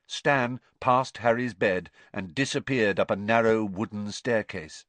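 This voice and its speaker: A man narrating an audiobook in an expressive storytelling manner. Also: fairly low pitch, unhurried, few pauses, no room sound.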